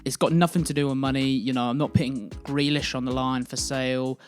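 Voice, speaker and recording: A man's voice: medium pitch, steady tone, fairly quick, soft background music. A young man hosting a casual football video, giving chatty, opinionated and jokey commentary.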